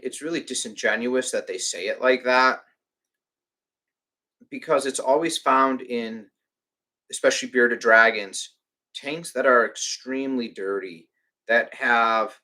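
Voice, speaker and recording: A man's voice: mid-range voice, pushed and bright. Rambling man ranting on a live stream. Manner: ranting, with filler words and restarts. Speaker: reptile rescue streamer. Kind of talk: casual live-stream chat.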